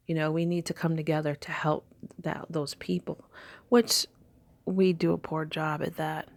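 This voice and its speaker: A woman's voice: low voice, little pitch movement, moderate pace, gravelly. A woman giving a casual spiritual talk, chatty and storytelling with many fillers. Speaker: spiritual teacher.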